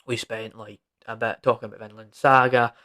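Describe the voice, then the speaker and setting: A man's voice: mid-range voice, flat delivery, normal speed, pushed and bright. A young man hosting his own podcast, ranting casually and emphatically, full of "like" and "right?". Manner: rambling, emphatic and informal, with frequent "like" and "right?". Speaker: podcast host. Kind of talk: solo podcast rant.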